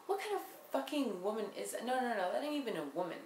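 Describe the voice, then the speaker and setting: A woman's voice: fairly high pitch, sing-song, fast talker, a little mellow. A young woman giving a casual, blunt and sarcastic recap of a reality show episode, swearing freely. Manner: profane, blunt, sarcastic, mimics people she quotes. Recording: roomy with faint background noise.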